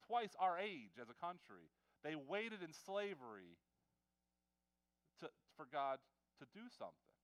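A man preaching a conversational sermon, often repeating words and swinging between loud stresses and quiet asides. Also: fairly high pitch, sing-song, unhurried.

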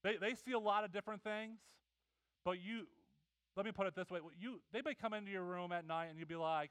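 A middle-aged man preaching a sermon, telling animated family stories and acting out the voices of his kids and wife. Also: high-pitched, a little fast, clear, resonant tone, dry recording, poor audio. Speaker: pastor.

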